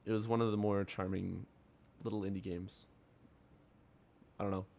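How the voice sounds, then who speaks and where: A man's voice: on the low side, flat delivery, normal speed, creaky, darkish tone. Laid-back, cursing male podcast co-host. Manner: rambling, laid-back, profane, lots of filler words. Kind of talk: casual gaming podcast chat.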